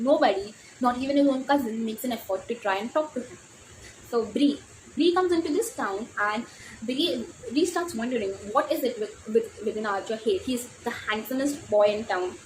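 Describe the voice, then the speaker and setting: A teenage girl from India with an Indian English accent, gushing excitedly about romance novels in a casual book vlog, often restarting her sentences. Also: a little high, normal speed, a little hiss or hum, low-quality recording. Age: teens. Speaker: book vlogger.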